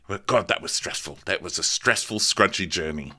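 A man's voice: fairly low pitch, moderate pace, hardly any pauses, pushed and bright. A man co-hosting a podcast, chatting in a casual, comedic way and jumping into exaggerated voices of people. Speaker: podcast co-host. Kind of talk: casual comedic recap chat.

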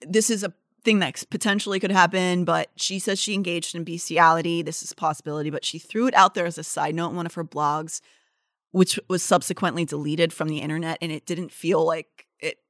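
A woman co-hosting a casual true-crime podcast, indignant and swearing freely, swinging from quiet mutters to loud outbursts. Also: on the low side, steady tone, fairly quick, no echo, clean studio sound. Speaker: podcast co-host.

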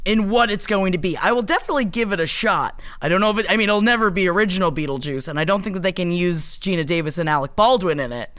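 A woman's voice: fairly low pitch, lively intonation, quick pace, hardly any pauses, a bit bright. A woman co-hosting a podcast in casual chat, giggly and enthusiastic. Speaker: podcast co-host.

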